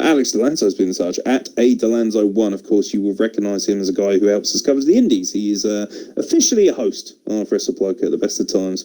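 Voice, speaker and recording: A man's voice: lowish voice, mellow, low-quality recording. A man hosting a wrestling podcast, reading out listener messages in casual, laughing, swearing banter. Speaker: podcast host.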